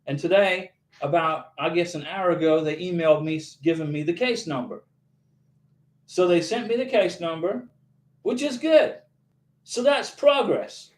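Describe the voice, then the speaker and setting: At a moderate pace and in a slightly high voice, a man answers viewer questions he reads aloud during a casual YouTube livestream. He's emphatic and encouraging, and the recording carries room echo.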